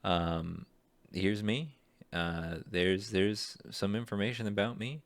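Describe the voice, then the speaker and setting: A man's voice: lowish voice, steady tone, slow, no room sound. A young man rambling hesitantly and self-deprecatingly as he browses voice acting jobs in a casual vlog. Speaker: aspiring voice actor. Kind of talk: casual screen-share vlog.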